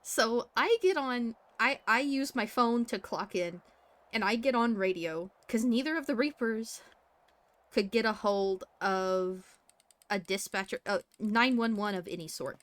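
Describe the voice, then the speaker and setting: A woman's voice: a little high, unhurried. Woman acting out radio calls in roleplay. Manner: acts out radio calls and quotes with feeling. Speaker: roleplay streamer playing a doctor. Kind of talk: animated in-character storytelling.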